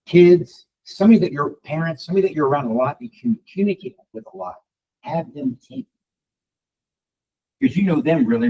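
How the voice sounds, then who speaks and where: A man teaching a live workshop to a room of colleagues, talking fast and asking the audience questions. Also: a little high, husky, poor audio. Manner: fast, animated, addresses the room directly. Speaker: real estate trainer.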